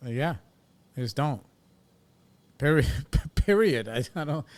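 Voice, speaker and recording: Smooth-voiced man, candid and reflective. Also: mid-range voice. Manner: reflective, blunt, swears freely. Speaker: podcast host in recovery. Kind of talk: candid casual talk.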